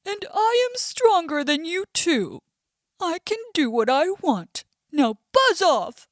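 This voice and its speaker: A woman's voice: very high-pitched, extremely slow, a bit bright, no room sound, studio quality, pitched above the performer's own voice, heavily acted. A woman voicing a greedy, hot-tempered male bear in a children's story, blustering and whiny. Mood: angry. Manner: blustering, whiny when hurt.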